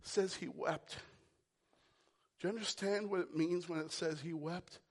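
A man preaching a sermon, repeating phrases for emphasis and swinging from shouts down to a hushed whisper. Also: high voice, steady tone, moderate pace. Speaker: pastor.

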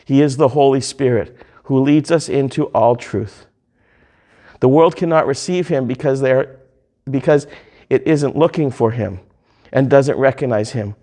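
A man preaching a sermon, reading hymn lyrics and scripture aloud in slow, drawn-out phrases. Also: medium pitch, mellow.

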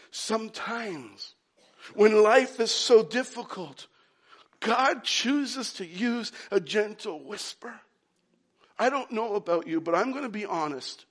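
A man preaching a sermon, dropping to hushed whispers and rising to loud, emphatic shouts, with deliberate pauses. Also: sits high, animated. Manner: dramatic pauses, slow deliberate phrasing. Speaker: pastor.

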